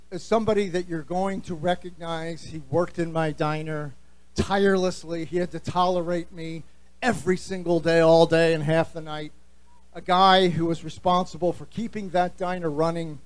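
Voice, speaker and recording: Jokey New Jersey man, raised pitch. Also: normal speed, dry recording. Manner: animated, jokey, opinionated. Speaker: podcast host. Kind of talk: live stage address to fans.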